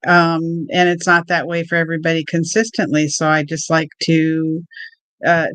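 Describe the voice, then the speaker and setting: A woman's voice: on the low side, a bit bright, dry recording. Earnest upbeat woman guest, dry close mic, no room at all. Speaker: guest healer. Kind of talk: conversational interview.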